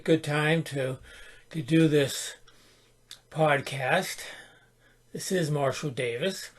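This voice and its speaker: Slow, high-voiced man giving a calm sermon. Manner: calm, unhurried, contemplative, with small restarts. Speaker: podcast host and spiritual teacher. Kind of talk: reflective spoken sermon.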